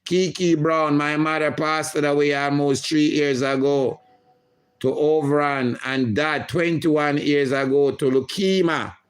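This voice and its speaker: A middle-aged man hosting a livestream, reading viewer comments aloud in a slow, emotional way. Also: a little high, fairly even intonation. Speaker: livestream host.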